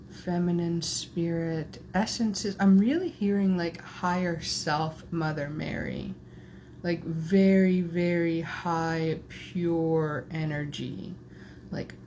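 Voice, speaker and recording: Woman, energy healer, guided channeling, soft meandering delivery, lowish voice, very unhurried. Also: a little hiss or hum. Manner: soft, meandering, spiritual phrasing.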